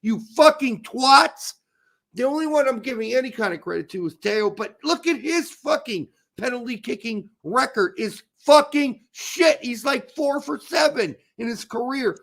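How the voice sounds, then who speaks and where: A man's voice: extremely high pitch, lively intonation, normal speed, creaky, few pauses. A man co-hosting a casual sports podcast, ranting with heavy profanity and sudden explosive outbursts. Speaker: podcast co-host.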